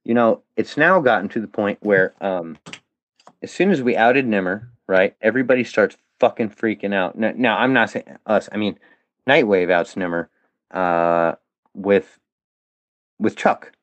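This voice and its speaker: A male podcast guest, formerly a fan of a comedian, delivers a heated, swear-heavy monologue directed at his critics. His voice is on the low side and unhurried, and the sound is lo-fi with no room sound.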